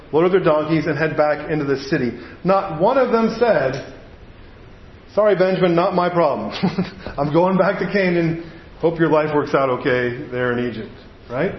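A man's voice: on the high side, moderate pace. A man preaching a sermon in a conversational way, often checking in with "right?". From United States. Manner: conversational, frequent "right?" asides. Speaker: pastor. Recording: roomy, dull audio.

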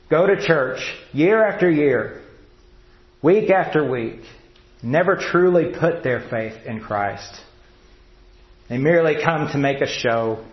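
Slow, earnest man preaching in a roomy church. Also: mid-range voice, lo-fi sound. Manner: earnest, measured expository preaching. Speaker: pastor. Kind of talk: sermon.

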